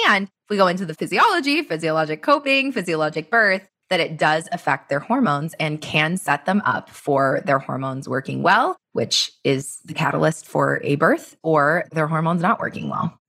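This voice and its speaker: A woman co-hosts a casual podcast as a nurse. Her voice sits a little low, and she talks in an animated way. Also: gravelly. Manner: animated, acts out quoted voices.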